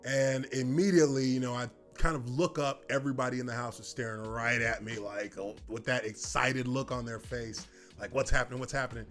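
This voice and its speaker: A man in his thirties telling a personal story in casual talk, relaxed and rambling with lots of fillers. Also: medium pitch, normal speed, hardly any pauses, soft background music. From United States. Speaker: former football player telling his story.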